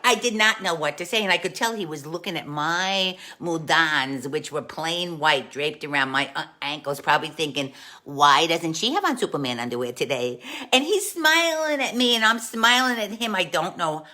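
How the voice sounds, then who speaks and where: A woman's voice: sits low, animated, moderate pace, pushed and bright. A woman playing a chatty aunt. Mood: chatty storytelling. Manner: chatty, greets viewers, calls them dolls. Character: warm chatty Italian-American aunt, jolly and gossipy. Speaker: comic host. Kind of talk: live-stream storytelling in character.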